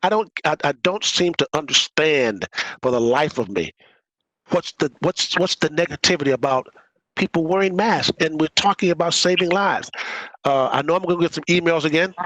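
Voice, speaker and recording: A man's voice: on the high side, moderate pace, a bit bright, no room sound, poor audio. A man chairing a public policy meeting, arguing with passion and repeating words as he presses his point.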